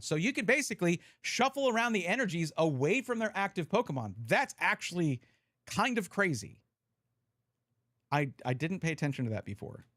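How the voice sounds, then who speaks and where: A man's voice: fairly high pitch, a bit bright, no echo, studio quality. A man hiccuping as he chats casually on a live stream, explaining card rules while he sorts a deck. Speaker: streamer reviewing trading cards.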